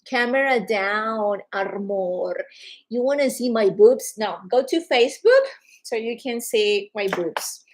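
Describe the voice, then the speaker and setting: A woman's voice: fairly high pitch, takes it slowly, poor audio. A woman with a non-native English accent, talking casually and emphatically to viewers on a live stream. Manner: animated, emphatic, calls viewers darling. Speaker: social media host.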